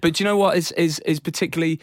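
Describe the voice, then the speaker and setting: A man's voice: on the high side, steady tone, very fast, dry recording, studio quality. A man hosting a podcast, chatty and playfully teasing his co-host. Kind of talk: casual podcast chat.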